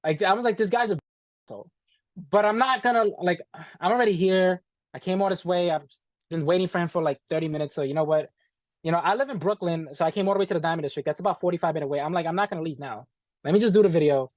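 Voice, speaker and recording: A man telling a story as an interview guest, animated and profane, acting out what people said and calling the listener "bro". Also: high voice, fast talker, dry recording. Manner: animated, profane, acts out quoted dialogue, says "bro". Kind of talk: casual storytelling.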